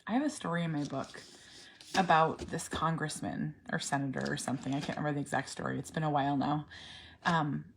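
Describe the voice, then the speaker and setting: A woman in her forties, a parent talking casually to camera, earnest and animated, sometimes dropping to a soft near-whisper. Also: low voice, brisk, vocal fry, slight background noise. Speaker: parent vlogger. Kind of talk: casual personal vlog.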